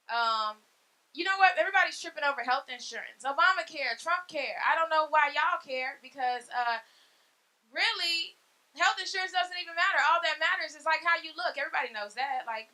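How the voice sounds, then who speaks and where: Brash high-voiced woman doing stand-up. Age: 30s. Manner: brash, profane, loud punchlines. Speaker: stand-up comic. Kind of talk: stand-up comedy set. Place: comedy club stage.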